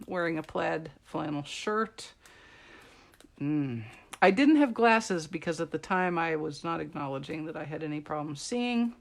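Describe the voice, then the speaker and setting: A middle-aged woman chatting and joking with viewers while she shows how to make a card. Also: lowish voice. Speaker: card-making demonstrator. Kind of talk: live-streamed craft tutorial chat.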